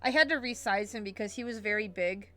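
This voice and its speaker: A woman's voice: medium pitch, a little fast, bright, forceful tone, faint music behind. A young woman streaming a game with a friend, chatting, laughing often and reading the chat aloud. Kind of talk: casual gaming stream chat.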